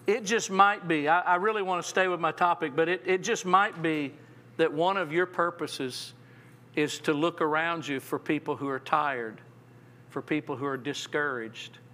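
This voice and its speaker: Bright-voiced man preaching a sermon. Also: on the high side, normal speed. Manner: repeats words as he restarts, acts out quotes. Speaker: pastor. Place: church sanctuary.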